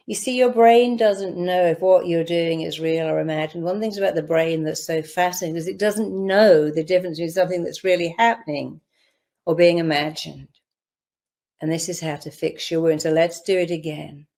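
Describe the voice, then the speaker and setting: Gravelly-voiced woman guiding a visualization. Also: fairly low pitch, steady tone, warm tone. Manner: slow, soothing, repetitive instructions. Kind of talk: guided visualization. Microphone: online event audio.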